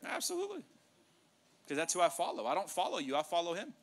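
A male pastor preaching a sermon in a church, animated, joking with the congregation and acting out dialogue. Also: fairly high pitch, rapid-fire. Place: church sanctuary.

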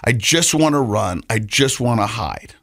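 A man's voice: medium pitch, expressive, a little slow, a bit bright, no echo. Dry-voiced man telling a rambling story. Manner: rambling, repeats words, laughs while telling; earnest, reflective. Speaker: podcast co-host. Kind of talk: casual storytelling.

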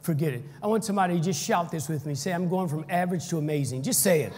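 A pastor preaching with fervor, his fairly high voice rising to shouts and then falling back to a steady teaching tone. He draws the congregation into call-and-response. The sound rings through a large, reverberant church hall. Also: very fast, very noisy. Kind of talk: sermon.

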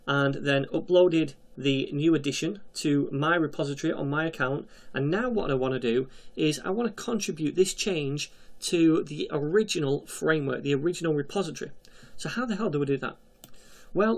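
A man's voice: a little high, a little mellow. Chatty man walking through a coding tutorial. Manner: casual, chatty walkthrough with jokey asides. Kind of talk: screen-recorded coding tutorial.

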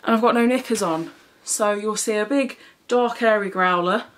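A woman's voice: medium pitch, moderate pace. A woman chatting frankly through a clothing try-on haul, swearing freely and often slightly out of breath. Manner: chatty, frank and swearing, with frequent "do you know what I mean". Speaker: fashion vlogger.

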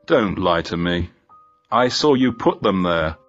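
A man reading the lines of a guarded, bitter female police inspector in a storybook, in a calm, low-key way. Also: measured pace, dull audio, faint music behind, full character voice. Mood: confiding.

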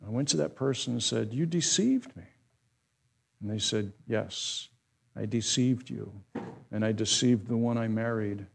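A male pastor giving a conversational sermon that builds into loud, emphatic preaching. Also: on the low side, steady tone, moderate pace, creaky.

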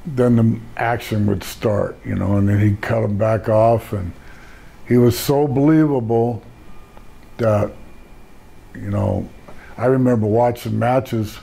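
A hoarse older man telling stories about his career in a casual interview, rambling and correcting himself. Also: fairly low pitch, mellow, poor audio. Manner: rambling storyteller, self-correcting. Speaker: interview guest.

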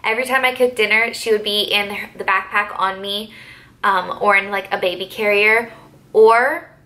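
A woman's voice: mid-range voice, steady tone, moderate pace, bright, forceful tone. A young woman and mother of three, chatting casually in a Q&A vlog with easy filler words.

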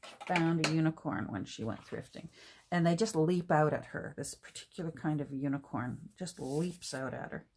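A woman's voice: low-pitched, moderate pace, husky. A middle-aged woman chatting casually and rambling while she crafts at home, with many restarts and ums. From Canada. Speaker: crafting vlogger. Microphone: camera mic at a work table.

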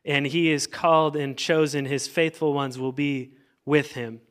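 This pastor's voice sits fairly high, steady and fairly bright, moving a little slowly. Between explanations he reads scripture aloud, and he emphatically calls on the congregation to answer him back.

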